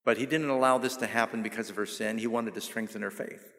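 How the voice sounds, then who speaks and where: A male pastor preaching a sermon, asking the audience questions and answering them himself, and slowing down to stress key phrases. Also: lowish voice, fairly even intonation, vocal fry, fairly bright tone. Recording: long reverb of a large hall.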